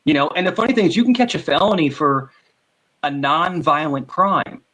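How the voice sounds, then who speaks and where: A man in casual chat, talking excitedly and stumbling over his words. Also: a little high, moderate pace, poor audio. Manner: excited, stammering.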